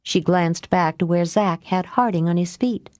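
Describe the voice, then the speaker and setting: A woman reading an audiobook aloud, lifting her pitch for dialogue and dropping low for the narration. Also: moderate pace, darkish tone, dry recording, studio quality. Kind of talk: audiobook narration with character voices.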